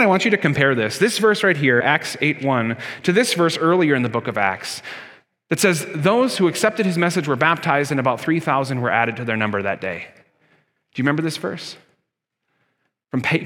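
A man's voice: a little high, fairly bright tone, long reverb tail. A man preaching a sermon as pastor, earnest and emphatic, driving his points home with rhetorical questions.

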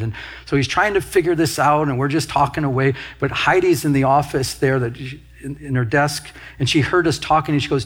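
Pastor, male, husky and fairly high-pitched, preaching in a storytelling manner with asides. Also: brisk, fairly bright tone. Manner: storytelling with quoted asides and laughter. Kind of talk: sermon.

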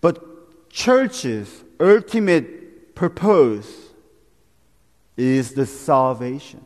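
A man, a pastor, preaching a sermon in a deliberate, questioning way in a church. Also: medium pitch, very animated. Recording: church hall reverb.

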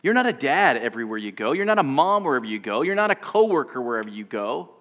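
A man who is a pastor, giving a sermon and telling a personal story, moving between loud passages and hushed ones. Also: medium pitch, big pitch swings, fast. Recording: long church reverb.

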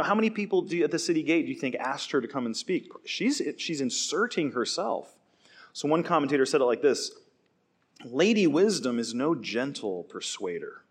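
A man preaching a sermon with lively energy. His voice sits a bit higher than usual, and he now and then slips into playful quoted voices. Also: slightly rough. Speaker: pastor.

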